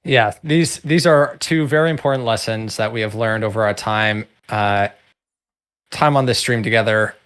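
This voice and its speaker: A young man co-hosting a casual livestream, joking in a dry, deadpan way. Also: fairly low pitch, moderate pace, clear, resonant tone. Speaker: co-host.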